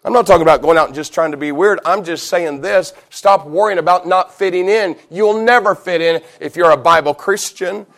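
A man's voice: high-pitched, a little fast, creaky, few pauses. A middle-aged man preaching a sermon, telling a personal story with animation and building to emphatic, repeated lines. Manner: animated storyteller, shouts and laughs in retelling; preaching with rising emphatic repetition. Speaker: pastor.

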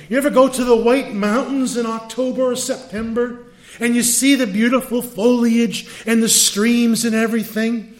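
Man, sixties, high voice, pastor, conversational sermon, rhetorical questions. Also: moderate pace, a bit bright.

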